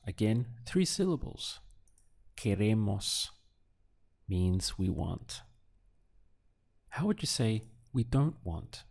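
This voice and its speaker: Male language tutor, low voice, very slow and measured delivery, audio lesson. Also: big pitch swings, creaky, a little mellow. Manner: slow, deliberate prompts with pauses for the learner. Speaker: Spanish teacher.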